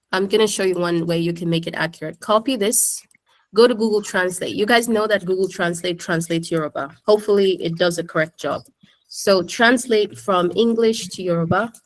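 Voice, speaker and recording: A woman teacher walks her students through a tutorial in a loose, conversational way, often turning to the class with questions. Her voice sits in an ordinary middle pitch, and she is recorded in a classroom. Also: fairly quick. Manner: chatty, keeps addressing the class. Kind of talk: casual screen-share tutorial.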